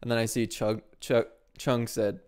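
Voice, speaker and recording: A man's voice: medium pitch, flat delivery, normal speed, a little mellow, smooth. A man hosting a let's play, giving playful, self-deprecating gaming commentary with a lot of giggling.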